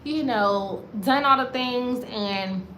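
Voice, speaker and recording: An American woman vlogging, telling a story to her viewers in a casual, animated way and calling them y'all. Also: fairly high pitch, slow, a little hiss or hum. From United States. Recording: roomy echo, faint ambience.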